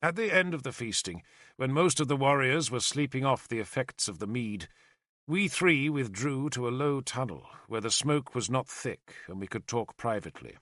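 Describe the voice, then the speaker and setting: Male storyteller with a lively, bright delivery and a low voice. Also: normal speed, no echo, clean studio sound. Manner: expressive storytelling. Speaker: audiobook narrator. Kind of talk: scripted narration.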